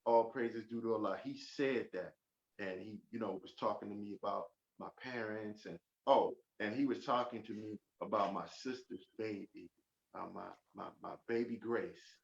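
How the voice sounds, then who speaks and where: A man giving a fervent, emphatic testimony as a podcast guest, rising to loud peaks. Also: steady tone, normal speed, vocal fry. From Oakland. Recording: roomy, dull low-fi sound.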